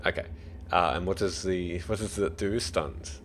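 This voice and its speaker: A man with an Australian accent running a tabletop game as dungeon master, relaxed and quick to laugh as he narrates and calls for rolls. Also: deep voice, slight background noise.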